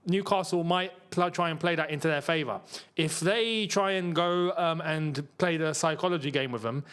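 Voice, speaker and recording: A young man hosting a live football watchalong, chatting casually and getting excited as chances come. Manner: excitable, chatty, jumps to a high pitch when chances come. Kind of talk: live match watchalong commentary.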